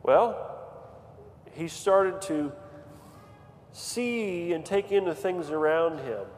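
A man preaching a sermon in a church, moving from quiet storytelling to fervent, near-shouted appeals. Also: fairly high pitch, animated, very slow, a little hiss or hum. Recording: long hall reverb, faint ambience.

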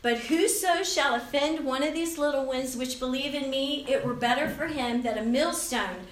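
In an informal talk to young Christians, a high-voiced woman in her fifties speaks at normal speed, laughing frequently and acting out inner voices in a lively, chatty style. The sound is roomy and distant, with faint hall ambience and slight hiss or hum.

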